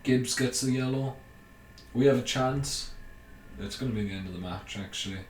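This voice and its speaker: A young man giving casual commentary over a video game he is playing, thinking aloud with ums and bursts of excitement. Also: mid-range voice, normal speed. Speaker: gaming YouTuber. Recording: roomy, mic at a distance, faint hiss.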